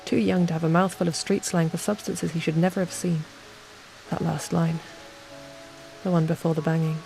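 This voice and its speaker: A woman narrating a calm bedtime story in the second person, at an unhurried pace. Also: low voice, creaky. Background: soft ambient music.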